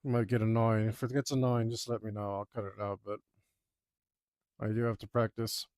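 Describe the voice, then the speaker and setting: A man's voice: on the low side, little pitch movement, a little fast, a little mellow, dry recording, studio quality. A man, a digital artist, chatting casually while he draws, rambling with lots of fillers and repeats. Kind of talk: casual chat while drawing.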